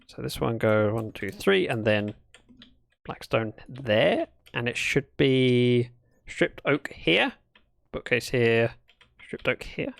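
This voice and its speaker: Lively, gravelly British man streaming. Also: mid-range voice, takes it slowly, dry recording. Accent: British English. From Britain. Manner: chatty, thinks aloud while building, talks to chat. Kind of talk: casual livestream chat while gaming.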